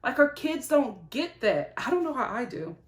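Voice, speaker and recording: A woman giving a casual, animated vlog review of a reality show, sympathetic and chatty. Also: high voice, normal speed, roomy sound.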